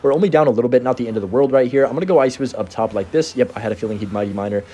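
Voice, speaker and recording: A young man giving live commentary on his own gameplay, excitable and chatty, talking straight to his viewers with plenty of fillers and quick self-corrections. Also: medium pitch, slightly rough. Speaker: gaming content creator.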